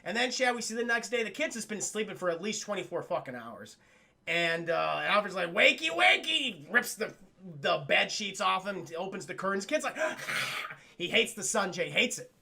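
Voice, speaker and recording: Man, cartoon recap streamer, lively swooping pitch, gravelly fry, bright edge. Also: moderate pace. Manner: animated, addresses chat constantly, laughs often. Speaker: cartoon reviewer live-streaming to chat. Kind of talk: casual profane recap commentary.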